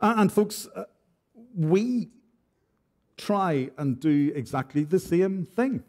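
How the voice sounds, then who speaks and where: A man's voice: high-pitched, animated, slow, darkish tone. A man preaching an expository sermon in church, earnest and direct, with frequent rhetorical questions. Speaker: pastor.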